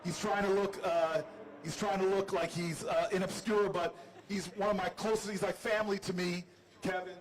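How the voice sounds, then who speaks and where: A politician hosting a livestream stands on outdoor building steps, telling a crowd a funny story at his own expense in an animated, jokey manner. His voice is high and his pace moderate. The audio quality is poor.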